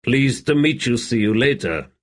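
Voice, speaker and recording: A man's voice: mid-range voice, animated, moderate pace, pitched above the performer's own voice, close to an everyday voice. A man voicing a curt, commanding mercenary squad leader in an audiobook.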